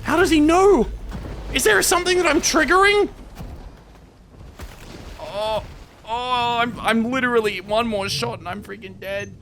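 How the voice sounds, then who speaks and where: A man's voice: very high-pitched, measured pace, vocal fry, long pauses, pushed and bright, soft background music. A man giving jumpy, exclamatory commentary while playing a horror game, talking to himself as he goes. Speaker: gamer.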